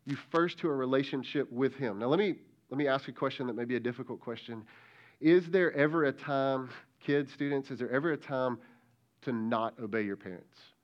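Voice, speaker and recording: Man preaching a lively, direct sermon. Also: medium pitch, brisk, lo-fi sound. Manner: direct, conversational preaching, calling out to kids. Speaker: lead pastor.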